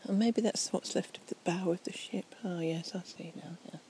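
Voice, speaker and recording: A woman, slightly tipsy, giving a soft, rambling, whispered night-time ASMR chat outdoors near trees and a fountain on a portable recorder. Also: lowish voice, normal speed, slight background noise, rough recording.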